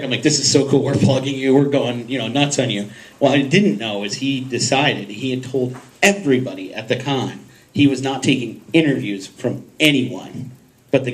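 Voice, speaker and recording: A man's voice: medium pitch, rough recording. A man on a podcasting panel telling a casual story to the audience, acting out the voices of people in it and laughing often. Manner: animated, acts out voices in his anecdotes, laughs often. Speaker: podcast host on a convention panel.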